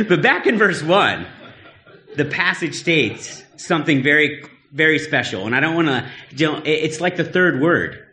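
A man's voice: fairly high pitch, lively intonation, unhurried, sharp tone. A man preaching a sermon in a conversational, earnest way, with teasing asides. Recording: echoey room.

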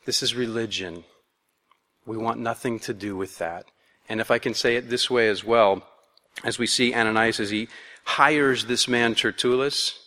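Male pastor, chatty and playful preaching, mid pitch, echoey hall. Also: normal speed, sharp tone. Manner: conversational, playful, acts out voices. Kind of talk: expository sermon. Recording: long hall reverb.

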